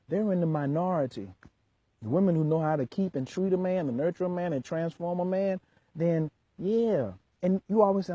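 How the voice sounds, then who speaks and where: A husky, mellow-toned man lectures as a relationship coach, emphatic and blunt in slangy vlog talk. The sound is dull and lo-fi. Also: a little high, expressive, normal speed, dry recording. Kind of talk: vlog rant.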